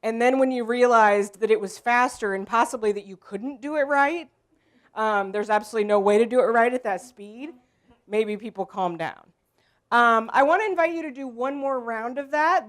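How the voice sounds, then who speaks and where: A woman leading an improv workshop, explaining to a group in a relaxed way, with frequent ums. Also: a little high, moderate pace. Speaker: workshop leader. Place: room with a group.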